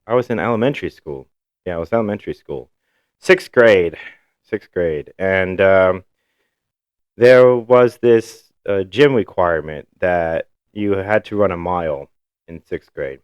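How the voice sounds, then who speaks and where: Co-host type: man, very deep and smooth, loose casual storyteller who swears a lot. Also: dry recording, lo-fi sound. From Ohio, USA. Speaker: podcast co-host. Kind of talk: casual chat.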